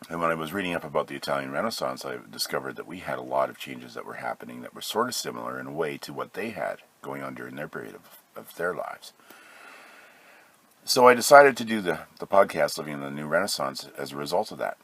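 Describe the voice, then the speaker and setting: A man with a very low, husky voice talks through a casual solo podcast from home. He sounds sick, and he drifts along with frequent fillers and restarts, correcting himself as he goes. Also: lively intonation, quick pace, a bit bright. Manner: loose, hesitant, many fillers and self-corrections. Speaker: podcast host.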